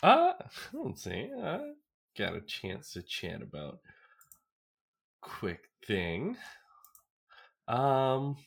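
A man's voice: medium pitch, wildly swooping pitch, extremely slow, gravelly, long pauses, fairly bright tone. A man co-hosting a podcast in casual chat, giving laid-back, wry reactions. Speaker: podcast co-host.

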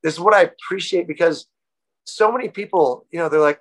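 Give me a man talking haltingly as a podcast guest, lots of fillers. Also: on the high side, poor audio. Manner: rambling, halting with many fillers. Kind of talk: casual interview talk.

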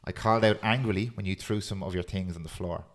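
A man hosting a podcast, chatting casually and reading a poem aloud in a steady, earnest way. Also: low-pitched, fast. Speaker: podcast host.

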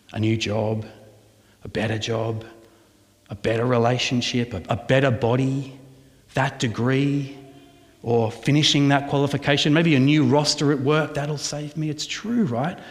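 A man preaching a sermon as pastor, lively with rhetorical questions and sometimes dropping his voice to a hush. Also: on the high side. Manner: animated preaching with rhetorical questions, soft at times. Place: church hall. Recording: long reverb of a church hall.

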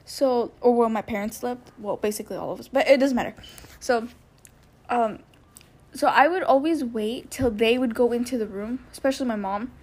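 Young woman podcasting from home, kinda high voice, rambly, says like a lot. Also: normal speed. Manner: rambling, heavy use of "like", acts out quotes. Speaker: podcast host. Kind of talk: casual storytelling podcast.

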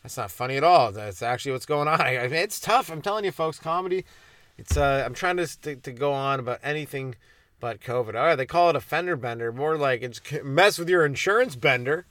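A young man hosts his comedy podcast as a loose solo monologue, restarting his sentences and mocking his own dark jokes. His voice sits at an ordinary middle pitch. The recording is dry and close, with no room sound. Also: animated, a little fast, no room sound. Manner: self-deprecating, stumbling and restarting, dark jokes. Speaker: stand-up comedian hosting a podcast.

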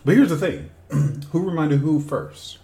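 A man's voice: a little high, expressive, a little slow, creaky, warm tone. A man co-hosting a podcast, teasing his partner in profane, laughing banter. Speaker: podcast co-host.

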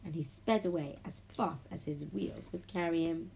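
A woman reading a children's storybook aloud, lively and friendly, giving the characters their own voices. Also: low-pitched, moderate pace, creaky, hardly any pauses, slight background noise, low-quality recording. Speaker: children's audiobook reader.

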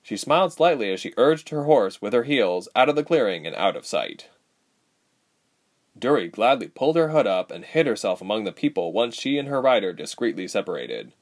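A man narrating a fantasy story aloud, with steady, expressive storytelling. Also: fairly low pitch. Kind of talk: storybook reading.

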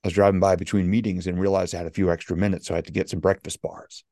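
A man with a low, mellow, warm voice tells stories as a guest on an interview. He is an animated storyteller who acts out the people he quotes, and the sound is dry and close. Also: very fast, no room sound. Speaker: motivational speaker, guest.

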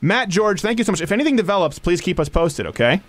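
A man hosting a casual talk show, speaking in an animated, sarcastic way. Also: high-pitched, fast talker. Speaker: podcast host.

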